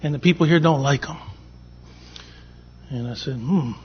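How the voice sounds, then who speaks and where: A man's voice: fairly high pitch, moderate pace, slight background noise. A man on a conference panel telling a personal anecdote, acting out the dialogue as he goes. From from Boston. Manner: anecdotal, acts out dialogue in quotes. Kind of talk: storytelling panel talk. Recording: dull lo-fi conference recording.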